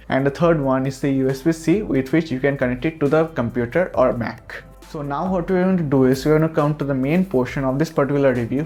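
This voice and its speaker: A man's voice: medium pitch, darkish tone. A man giving a product review of a microphone, talking earnestly and reassuring the listener again and again, recorded on a USB desk mic. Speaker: tech reviewer.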